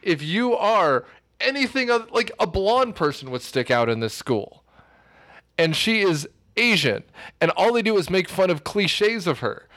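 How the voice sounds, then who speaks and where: Animated rambling man, slightly high voice. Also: measured pace. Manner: rambling, animated storytelling with many fillers. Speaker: podcast co-host discussing a film. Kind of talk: casual chat.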